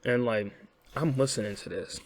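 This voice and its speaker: A man's voice: mid-range voice, moderate pace. A young American man hosting a casual commentary vlog, rambling and often checking in with "right?". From United States. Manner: rambling, frequent "right?", swearing. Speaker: host.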